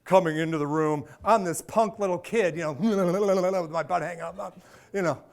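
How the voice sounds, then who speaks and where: A middle-aged man giving a personal storytelling talk, animated and acting out the dialogue. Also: sits high, moderate pace, vocal fry. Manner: animated, acts out dialogue, repeats phrases for effect. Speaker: speaker and author.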